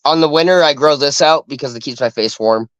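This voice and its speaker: A man's voice: a little high, fairly quick, a bit bright, clear, resonant tone, no echo. A man co-hosting a casual chat, blunt and casually swearing. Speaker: co-host. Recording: dull dry lo-fi sound.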